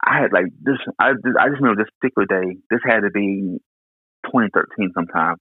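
A young man from Houston, Texas, telling a personal story in an earnest, halting way with many restarts. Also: lowish voice, husky, no echo. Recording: tinny phone-like line.

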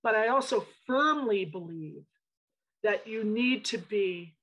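A woman who owns a design studio, telling stories in a frank, animated, emphatic way in a casual interview. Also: mid-range voice, takes it slowly, rough recording.

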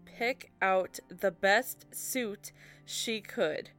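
A woman's voice: medium pitch, extremely slow, fairly bright tone, soft background music. A woman co-hosting a podcast, reading a friend's handwritten story and stumbling over words. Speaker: podcast co-host.

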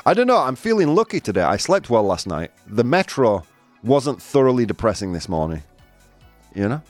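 A male radio host doing live banter, energetic and chatty, laughing often and a bit out of breath. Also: mid-range voice, moderate pace, dry recording, soft background music. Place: radio studio.

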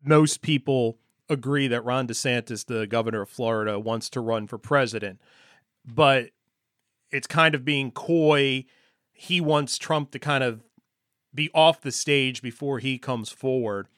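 A man's voice: mid-range voice, measured pace, fairly bright tone, no room sound. A man hosts a political interview, putting direct questions in a conversational tone. His mid-range voice sounds close and dry, with no room around it. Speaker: host.

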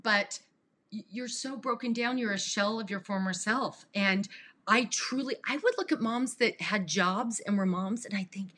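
Woman podcast guest, earnest, kinda rambly, bright tense voice. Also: mid-range voice, normal speed. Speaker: podcast guest, coach for abuse survivors. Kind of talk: emotional interview talk.

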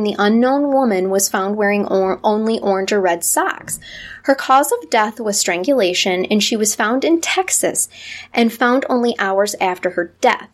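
True crime podcast lady, kinda high voice, reads notes w dry dark jokes. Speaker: podcast co-host.

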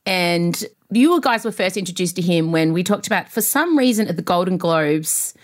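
A woman co-hosting a casual pop culture chat, gossipy and excitable, laughing often. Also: on the low side, normal speed. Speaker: podcast co-host.

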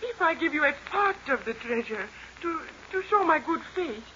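A woman's voice: high-pitched, sing-song, normal speed, sharp tone, a little hiss or hum, exaggerated voice. An actress playing a distraught young woman held captive, pleading and tearful. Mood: bargaining. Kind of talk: 1930s radio drama acting. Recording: muffled old radio recording.

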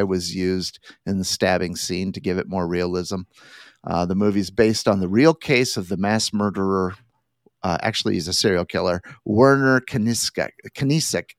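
Man, podcast host, measured review reading, slightly halting, low voice, dry close sound. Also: no room sound. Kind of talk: reading a prepared film review, then discussion.

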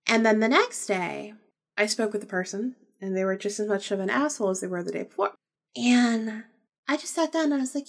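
A woman's voice: mid-range voice, a little fast, creaky. A woman hosting a podcast, talking candidly about a personal experience, emphatic and repeating phrases for weight, with the odd swear word. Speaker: podcast host. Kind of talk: casual personal storytelling.

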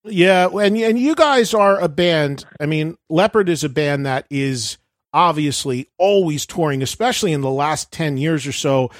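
A man hosting a podcast interview, talking in quick upbeat bursts with some restarts. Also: fairly high pitch, no room sound, studio quality. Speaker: podcast host. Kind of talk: casual radio-style interview.

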